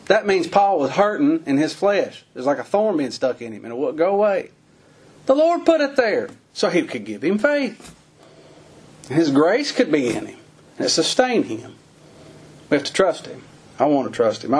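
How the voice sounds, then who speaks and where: A preacher delivering a sermon in a husky, slightly raised voice. He talks in a plain, folksy way and pushes his voice up high whenever he drives a point home. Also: very animated, moderate pace, darkish tone. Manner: folksy preaching, voice climbing high on emphatic lines.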